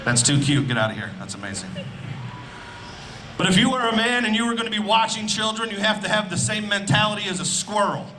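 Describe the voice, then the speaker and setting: A man from Indiana performing a loud, animated stand-up comedy set on an outdoor festival stage, speaking into a handheld mic. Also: high-pitched, fairly quick, slight background noise, rough recording. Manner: loud, animated, punching up lines with shouts.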